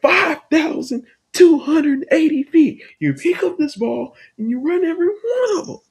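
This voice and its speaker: A man doing an impression of a stern male football coach, yelling his lines high and strained. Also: animated, moderate pace.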